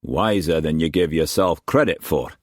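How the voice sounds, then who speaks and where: A man's voice: extremely low pitch, moderate pace, dry recording, clean studio sound. A man doing a firm merchant captain. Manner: firm, clipped orders. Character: commanding shrewd male merchant captain.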